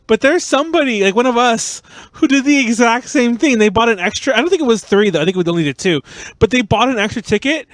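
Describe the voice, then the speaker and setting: A man's voice: extremely high pitch, expressive, fast, fairly bright tone, no room sound. A man co-hosting a podcast in casual chat, reacting with laughs and swearing. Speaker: podcast co-host.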